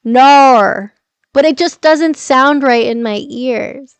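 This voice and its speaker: Middle-aged woman streamer, gravelly, a touch high, casual, swears freely. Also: takes it slowly, no echo. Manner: chatty, swears freely, laughs often, answers viewer comments. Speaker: livestream host. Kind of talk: casual livestream chat.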